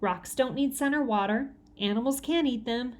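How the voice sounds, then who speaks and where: A patient mother explains things calmly and reasonably, as a woman reading aloud puts her on. It fits a children's audiobook. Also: a little high, normal speed, close to an everyday voice. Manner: calm, explaining.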